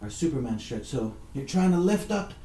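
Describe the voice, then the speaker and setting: A man's voice: mid-range voice, sing-song, moderate pace, dark tone. A man leading a kids' yoga workout, giving encouraging, repetitive coaching cues. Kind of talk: guided workout instruction. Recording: echoey room, mic far off.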